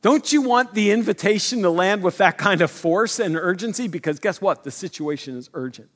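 High-voiced earnest male preacher. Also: lively intonation, brisk. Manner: earnest, conversational, builds to emphasis. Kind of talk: sermon.

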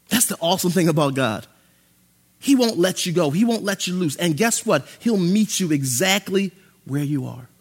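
A man with a high, husky voice delivers a sermon as a pastor. He swings between loud, excited preaching and low, hushed moments. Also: normal speed.

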